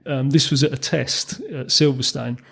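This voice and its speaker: A man's voice: mid-range voice, moderate pace, gravelly, fairly bright tone, husky. A man, a former racing mechanic telling anecdotes as a podcast guest, chuckling through his stories with frequent ums and restarts. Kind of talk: storytelling in a podcast interview.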